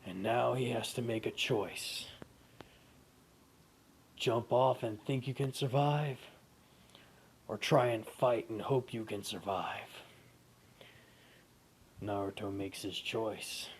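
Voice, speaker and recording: A man's voice: fairly low pitch, slow, pauses often, a little hiss or hum. A man casually telling an improvised adventure story and correcting himself as he goes. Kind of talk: improvised fan-fiction storytelling.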